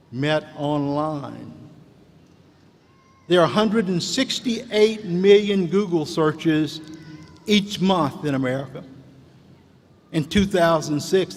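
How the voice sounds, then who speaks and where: Folksy rousing man in an echoey hall. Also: a little high. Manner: folksy, rousing, calls out to the crowd. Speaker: commencement speaker. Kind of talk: commencement speech. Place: large hall.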